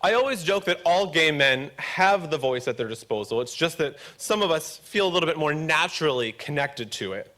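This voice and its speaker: A man from Pennsylvania with a gravelly voice, giving a public talk at a conference with wry, joking asides, at times a little mumbling. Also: a little high, lively intonation, normal speed, few pauses, sharp tone. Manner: slightly mumbling when not projecting. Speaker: conference speaker.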